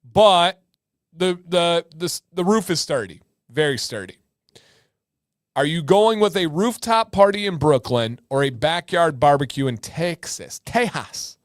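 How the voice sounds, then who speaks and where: A man hosting a livestream in casual chat, energetic and talkative, often repeating words for emphasis. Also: on the high side, measured pace, no echo, clean studio sound. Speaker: livestream host.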